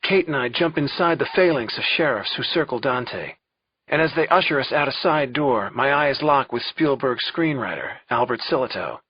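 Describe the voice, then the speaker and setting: Male first-person thriller narrator with a husky voice and a slightly muffled sound. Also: mid-range voice, lively intonation, moderate pace, no room sound. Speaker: audiobook narrator.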